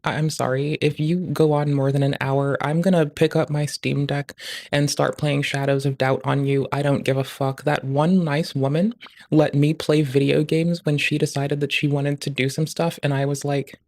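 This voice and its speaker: A livestreamer talks through the stream in casual commentary, swearing nonstop. The voice sits at a middling pitch and keeps a crude, ranting edge. It spikes loud and high whenever a rant builds. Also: little pitch movement, moderate pace, dry recording. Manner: profane, ranting, crude jokes; rising loud and high in outbursts.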